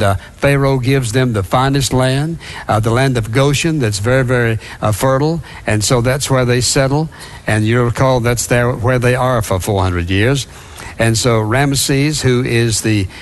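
A man preaching a sermon, reading scripture and retelling it in a conversational way with asides. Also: medium pitch.

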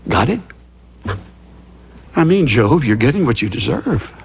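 A man's voice: mid-range voice, very animated, measured pace, creaky, a little mellow, breathy edge. A middle-aged man preaching a conversational sermon as a pastor, telling stories and acting out little scenes with gasps and asides. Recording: long reverb of a large hall.

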